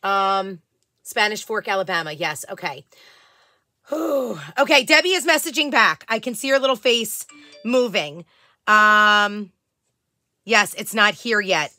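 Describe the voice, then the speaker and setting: A woman's voice: mid-range voice, expressive, measured pace, bright, forceful tone, dry recording, clean studio sound. A woman hosting a casual live stream and selling crafts. She chats along, greets viewers by name and fills her talk with "um". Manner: chatty, greets viewers by name, many fillers.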